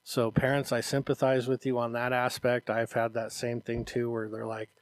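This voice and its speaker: A man in the middle pitch range talks to his listeners in an earnest, encouraging way. He often stops to check in with a quick "okay?" He is recorded close and dry, with no room sound. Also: monotone, dry recording. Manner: earnest and encouraging, acts out parents' voices, often adds "Okay?". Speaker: martial arts instructor and podcast co-host. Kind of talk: casual podcast chat.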